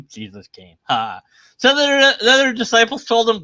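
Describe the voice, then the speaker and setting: A man's voice: extremely high pitch, wildly swooping pitch, measured pace, pushed and bright, no echo. A man giving casual, sarcastic commentary as he reads scripture aloud at his computer. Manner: sarcastic, irreverent. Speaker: atheist commentator. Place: at his computer sharing his screen.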